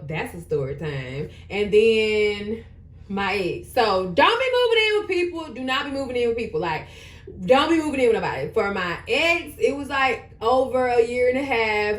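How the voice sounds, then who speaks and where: Woman, 30s, vlogger, emphatic casual advice, repeats for stress, echoey room. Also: medium pitch. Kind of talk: casual advice chat while getting ready.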